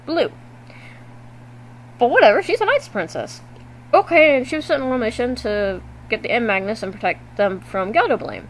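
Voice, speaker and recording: Animated, swearing woman gaming vlogger. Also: high voice, fairly quick, slight background noise, rough recording. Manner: animated, swears freely, exasperated asides. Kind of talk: casual game recap to camera. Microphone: webcam.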